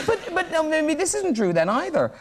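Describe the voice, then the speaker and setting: A man's voice: extremely high pitch, very animated. A man hosting a studio chat show, teasing his guest and joking with the audience. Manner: teasing, quick, laughing. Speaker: talk show host. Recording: loud audience and studio noise.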